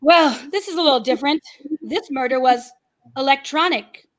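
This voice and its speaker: A woman's voice: high-pitched, moderate pace, heavy background noise. A woman hosting an online improv game over a video call, chatty and self-deprecating.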